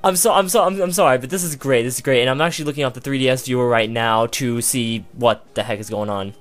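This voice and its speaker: A let's play host giving video game commentary, excitable and gushing, rambling with restarts and sometimes bursting into emotional outcries. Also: medium pitch, quick pace, hardly any pauses, faint music behind. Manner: rambling with frequent restarts and filler.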